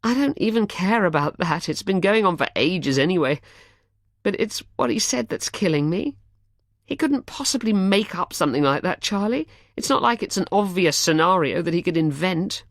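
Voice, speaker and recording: A woman voicing a heartbroken young man in an audiobook, speaking in a hushed, choked, halting way. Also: high-pitched, animated, dry recording, studio quality, voice pushed up. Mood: distraught. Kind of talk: audiobook character voice.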